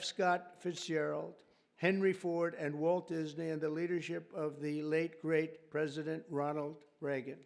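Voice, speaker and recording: A man's voice: fairly high pitch, vocal fry. A man giving a ceremonial speech at a formal reception, chatty and rambling, breaking off for off-script jokes aimed at the audience. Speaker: speaker at a reception. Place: large formal reception room.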